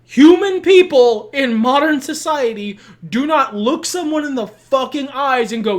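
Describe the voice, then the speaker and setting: A woman's voice: high-pitched, sing-song, normal speed. A woman co-hosting a podcast, ranting emphatically about a film in casual chat and swearing freely. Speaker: podcast co-host.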